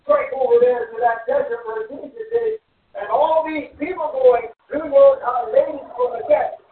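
A man voicing a cautious, caring mother who fusses gently, heard distant and echoey on a thin, phone-like recording. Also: very high-pitched, expressive, normal speed. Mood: fussing. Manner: gentle, fussing, reassuring.

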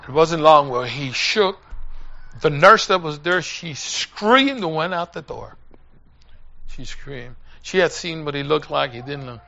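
A man's voice: a little high, expressive, unhurried, gravelly, pushed and bright, dull audio. A man preaching a sermon, telling a story with emotion and hammering points home through repetition.

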